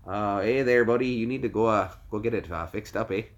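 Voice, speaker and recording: A man's voice: lowish voice, fairly quick, lo-fi sound, natural voice. An overly polite, friendly Canadian guy, as a man does the voice, stretching out his vowels. He sounds apologetic, easygoing and neighborly.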